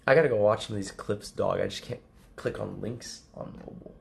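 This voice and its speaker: A man's voice: on the low side, a little fast, gravelly, a little mellow, reverberant, slight background noise. A man livestreaming casual chat to his viewers, rambling and swearing, often laughing. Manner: rambling, profane, laughs a lot.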